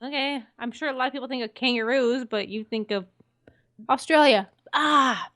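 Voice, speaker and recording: A young woman co-hosting a casual gaming podcast, animated and playful, often rambling as she talks. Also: high voice, moderate pace. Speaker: podcast co-host.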